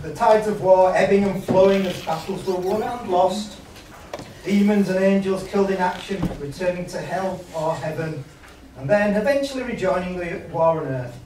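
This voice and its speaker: A man reading a story opening aloud to a live audience in a grand, measured way. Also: sits high, darkish tone. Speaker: author reading his story. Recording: echoey hall, far mic, faint noise.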